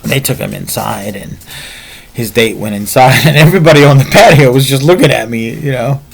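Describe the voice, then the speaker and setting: A man's voice: medium pitch, animated, a little fast, vocal fry, slightly rough. A man telling a martial arts story in a casual, rambling way, with frequent fillers.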